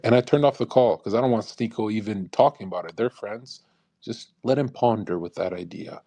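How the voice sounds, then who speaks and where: A man's voice: lowish voice, creaky, a little mellow. A young man ranting on a live stream, blunt and intense, swearing freely and acting out other people's voices, into a studio condenser microphone. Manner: acts out quoted people in changed voices. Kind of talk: live commentary rant. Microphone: USB condenser studio mic.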